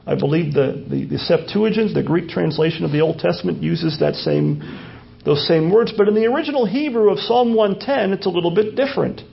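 A pastor's voice sits high and sounds creaky, with lively intonation and a moderate pace. Teaching through a passage in his sermon, he repeats phrases and asks rhetorical questions; the recording is dull and lo-fi.

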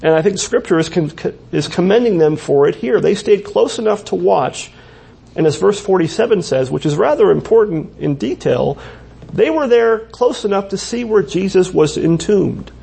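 A man's voice: high voice, lively intonation, moderate pace, gravelly, warm tone, husky. A male pastor preaching a sermon in church, talking conversationally with asides and frequent restarts.

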